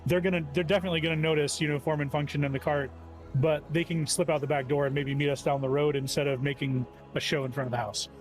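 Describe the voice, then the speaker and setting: A man taking part as a player in a tabletop game, thinking aloud with plenty of pauses and fillers. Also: on the high side, steady tone, faint music behind. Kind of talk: tabletop role-play.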